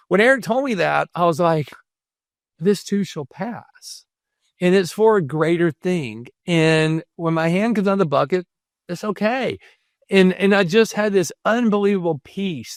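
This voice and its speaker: A middle-aged man speaks as a podcast guest. He sounds earnest and reflective and often retells conversations in other people's words. His voice sits a little high for a man, and the sound is close and dry. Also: no echo. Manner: earnest, retells stories with quoted dialogue. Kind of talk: reflective storytelling.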